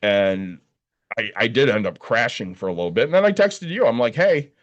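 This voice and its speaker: A man's voice: mid-range voice, normal speed, dull audio. A man co-hosting a podcast, telling a long story in a casual, profane way and acting out the other people's lines. He sounds worn out after a short night's sleep. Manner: profane, animated storytelling with quoted dialogue. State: tired from little sleep. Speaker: podcast co-host. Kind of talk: casual chat.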